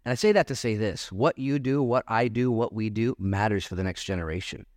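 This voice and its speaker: A man's voice: lowish voice, a little fast, no room sound, studio quality. A male pastor giving a sermon in church, reading scripture aloud and then riffing on it in a casual, joking way. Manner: casual, joking preacher who reads scripture then riffs.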